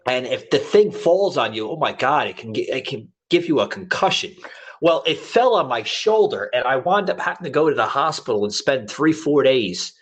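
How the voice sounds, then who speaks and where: A man's voice: medium pitch, very animated, normal speed. Rambling man telling a podcast story. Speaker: podcast host. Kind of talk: casual chat.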